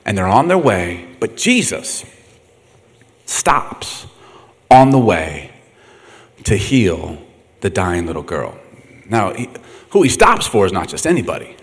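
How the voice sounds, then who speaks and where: Man preaching in a big echoey hall, animated storyteller, laughs a lot, middle-aged. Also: fairly low pitch, slow, long pauses, husky. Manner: animated, laughing, acts out quotes. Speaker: pastor. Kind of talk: humorous sermon storytelling.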